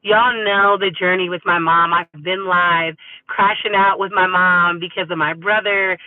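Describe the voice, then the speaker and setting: A woman's voice: on the low side, fairly even intonation, a little slow, dry recording. A woman from California chatting upbeat and casually with her viewers as a livestream host, calling them y'all. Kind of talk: casual live chat to viewers. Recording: tinny phone-like audio, dry.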